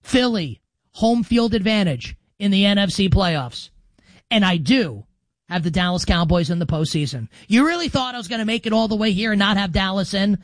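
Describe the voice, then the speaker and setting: A man in his thirties hosting a football predictions show, brash and animated, swinging from loud to soft for emphasis. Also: high-pitched, dry recording. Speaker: sports radio host.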